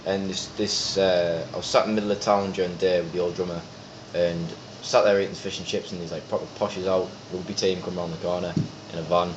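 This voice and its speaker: Fast-talking man. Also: low voice, noisy background. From North East England. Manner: rapid, animated anecdotes with lots of swearing and acted-out quotes. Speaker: band member, podcast guest. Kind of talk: casual storytelling chat. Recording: echoey, slightly dull podcast room recording.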